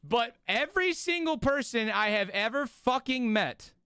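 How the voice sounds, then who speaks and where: Sweary, animated young male streamer. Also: very high-pitched, moderate pace, clear, resonant tone, no room sound, clean studio sound. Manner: profane, ranting, animated storytelling. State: sleepy, yawning. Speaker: streamer hosting a watch party. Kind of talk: casual live-stream chat.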